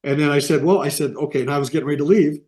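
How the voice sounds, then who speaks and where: A man's voice: on the high side, fairly even intonation, racing, a little mellow. A middle-aged man from the American Midwest, telling rambling anecdotes in a casual interview over a video call. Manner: rambling anecdotes with quoted voices. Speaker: interview guest, animation artist.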